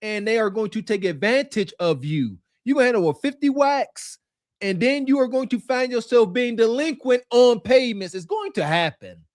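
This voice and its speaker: A man with a high, very lively voice delivers mocking podcast commentary and slips into characters to act out quotes. The recording is dry and close. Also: normal speed, no room sound. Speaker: podcast co-host.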